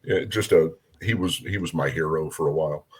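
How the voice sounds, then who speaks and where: Speaking a little fast in a rumbling, low, slightly rough voice, a middle-aged cop from Minnesota shares easygoing stories. He gets animated, acting out how each person talked.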